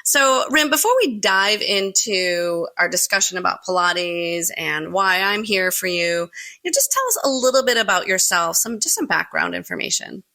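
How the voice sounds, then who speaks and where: Upbeat woman hosting a podcast, bright voice with a bit of fry, lots of yes yes yes, dry close mic. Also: medium pitch, expressive, moderate pace, no echo. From United States. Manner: warm, effusive, many affirmations. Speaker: podcast host, Pilates teacher. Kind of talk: casual interview chat.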